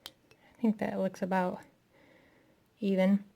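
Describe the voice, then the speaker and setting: A woman with a gravelly, creaky voice walks slowly through a crafting tutorial, narrating as she works. She is a little out of breath, chatty and self-deprecating, with an unhurried pace. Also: medium pitch, level tone, dark tone, dull audio. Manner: chatty, self-deprecating, talking while working.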